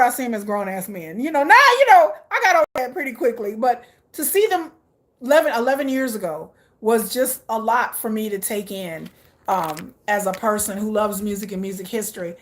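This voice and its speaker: Woman vlogger, slightly high-pitched, excitable casual chatter, laughs a lot. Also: brisk. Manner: reacts aloud to viewer comments. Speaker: K-pop vlogger. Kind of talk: casual chat.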